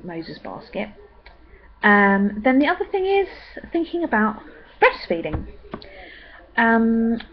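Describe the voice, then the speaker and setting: Young woman rambling on with lots of ums, muffled lo-fi sound. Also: mid-range voice. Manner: chatty, rambling, many ums. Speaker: vlogger. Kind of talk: casual pregnancy update vlog.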